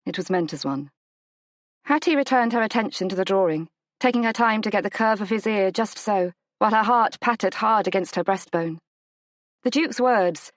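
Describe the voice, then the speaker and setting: A woman narrating a romance audiobook in a measured, gentle storytelling manner. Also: dry recording. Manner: measured, gentle storytelling, lifts pitch for the heroine's lines. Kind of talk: scripted narration of a romance novel.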